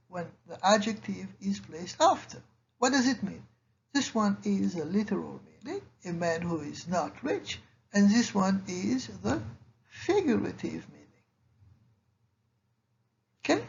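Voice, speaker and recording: A French teacher with a gravelly, medium-pitched voice gives a slide-based grammar lesson at a moderate pace with big pitch swings. She patiently explains each example in English and French, checking in with "okay?" The lo-fi recording is slightly dull with faint hiss.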